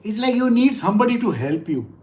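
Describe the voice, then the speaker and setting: A woman's voice: fairly high pitch, very animated, brisk, a little mellow. Woman, spiritual teacher, explaining scripture, rhetorical questions, repeats phrases for emphasis. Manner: acts out little quoted exchanges.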